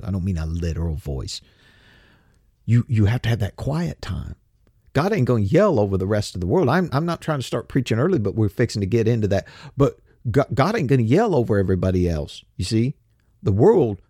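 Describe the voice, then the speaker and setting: A man's voice: lowish voice, warm tone, slightly rough, no room sound, studio quality. Blunt folksy older man. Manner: blunt, folksy and profane, with rhetorical questions. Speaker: podcast host. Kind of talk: casual rant.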